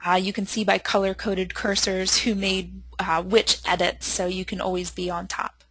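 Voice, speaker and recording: A woman from the sales side helping with a software demo, speaking in an easygoing, measured way. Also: mid-range voice, level tone, husky, dry recording, poor audio. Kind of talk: product demo commentary.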